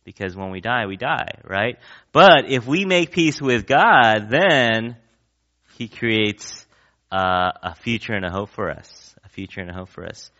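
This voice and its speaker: A man's voice: on the low side, expressive, measured pace, sharp tone, dull audio. A man preaching a sermon in a conversational way, often asking the congregation questions. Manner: conversational, asks the crowd questions, acts out quotes. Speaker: pastor.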